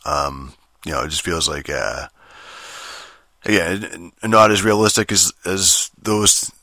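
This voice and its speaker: Very deep-voiced man, rambling and profane. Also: steady tone, takes it slowly, pushed and bright, no room sound, clean studio sound. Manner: swears constantly, rambling with many fillers. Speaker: gamer reviewing a game. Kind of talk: casual rambling commentary.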